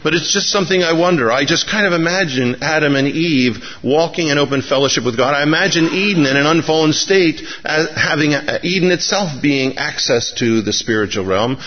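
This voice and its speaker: A man preaching a sermon in a church, excitable and rising to emphatic appeals. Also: on the high side, brisk, hardly any pauses, highs cut off. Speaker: pastor. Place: church sanctuary.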